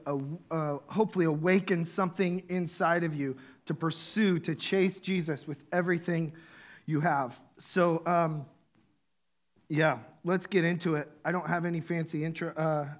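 Guy preaching, kinda high voice, earnest and chatty, lots of ums. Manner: earnest, conversational preaching with fillers and self-deprecating asides. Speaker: pastor. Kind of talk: sermon.

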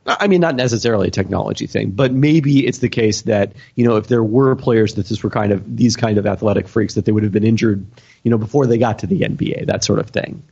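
A man's voice: fairly low pitch, quick pace, gravelly, warm tone, breathy edge, dull audio. A man on a podcast panel talking through ideas casually, hesitating and searching for words with many fillers. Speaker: podcast panelist answering listener questions.

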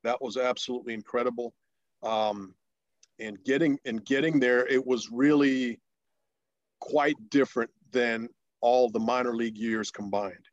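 A man in his fifties tells a long story in an interview, stopping and restarting often. He breaks into bright, excited quoted voices. The recording is dry and a little dull. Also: medium pitch, moderate pace, no room sound. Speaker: interview guest, former pro pitcher.

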